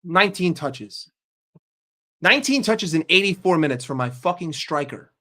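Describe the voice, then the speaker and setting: A man's voice: a little high, expressive, moderate pace, sharp tone. A man hosting a football fan channel, giving a heated, profane and sarcastic rant. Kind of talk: casual ranting commentary.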